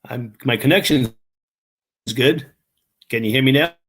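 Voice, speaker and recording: A man giving a remote interview on a video call, halting and restarting often as he explains things at length. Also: mid-range voice, a bit bright, husky. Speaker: interview guest.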